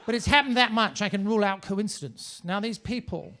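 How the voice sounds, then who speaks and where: A man's voice: high voice, brisk, pushed and bright. A man performing a stand-up comedy set on a comedy club stage, in a pompous manner with ornate wording.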